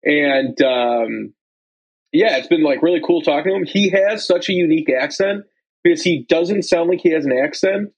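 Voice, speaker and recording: A man's voice: on the high side, normal speed, slightly rough, lo-fi sound. A young man co-hosting a casual chat, telling loose, rambling stories full of fillers. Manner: rambling storyteller, lots of likes and ums. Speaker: podcast co-host.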